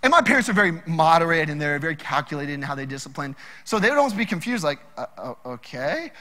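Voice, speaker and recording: A young man with a high, bright voice preaches a sermon in a hall where his words ring on. He tells his stories with energy and plays out quotes from the people in them. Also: very fast. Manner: animated storytelling with acted-out quotes. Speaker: pastor.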